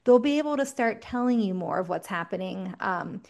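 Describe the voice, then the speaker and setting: A woman's voice: medium pitch, brisk, vocal fry, lo-fi sound. A woman speaking as a parenting expert in a casual conversation, explaining toddler behavior and acting out what parents and children say. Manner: explanatory, animated, acts out child and parent voices.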